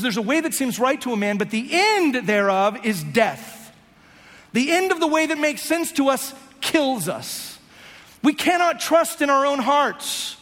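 A man's voice: extremely high pitch, a bit bright. A man preaching a sermon as pastor, talking conversationally and slipping into playful voiced asides. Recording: long hall reverb.

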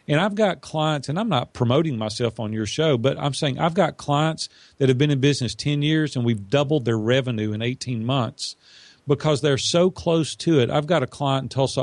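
A male business coach talking emphatically and persuasively in an interview, acting out the dialogue he quotes. His voice sits at an ordinary pitch for a man. The sound is dry and close, with no room echo. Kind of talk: casual interview storytelling.

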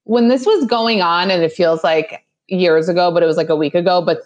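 A young woman co-hosting a casual gossip podcast, talking in an animated way with lots of fillers and quick mock impressions. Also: fairly low pitch, lo-fi sound. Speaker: podcast co-host.

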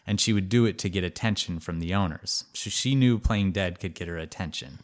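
A man co-hosting a podcast, telling a story in a casual, animated way with lots of "like" fillers. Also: low voice, a little fast. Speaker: podcast co-host.

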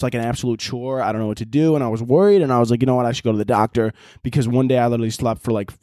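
A young man hosting a comedy podcast, ranting and swearing, his voice leaping high when he gets worked up. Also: dark tone, no echo, studio quality. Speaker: podcast host. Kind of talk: comedic rant.

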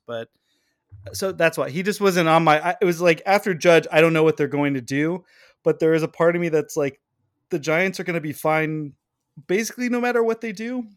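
A man's voice: on the high side, no room sound, clean studio sound. A man hosting a casual sports podcast, rambling and correcting himself with frequent laughs. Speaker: podcast host.

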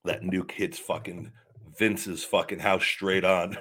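A male podcast host sits at the mic in a heated, profane rant. His voice sits slightly low, and he trips over his words with repeated restarts before hammering his points home. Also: fairly even intonation, slow, a bit bright. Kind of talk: livestream rant.

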